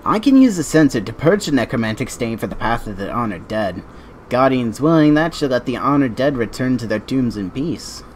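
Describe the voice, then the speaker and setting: A man's voice: mid-range voice, big pitch swings, a little fast, slight background noise, natural voice. A man putting on an accented tomb keeper. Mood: earnest. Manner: put-on accent while reading game dialogue. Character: earnest keeper of the honored dead.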